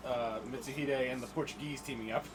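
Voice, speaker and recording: A man's voice: mid-range voice, a little fast, crowd noise, low-quality recording. A young man chatting casually over a game he's playing, telling stories and acting out scenes. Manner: chatty, animated storytelling, acts out lines. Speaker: gaming co-host. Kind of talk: casual let's-play chat.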